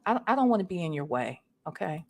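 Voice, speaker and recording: A woman vlogger doing animated gossip commentary, repeating herself and talking back to her live chat. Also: lowish voice, quick pace, a crowd in the background.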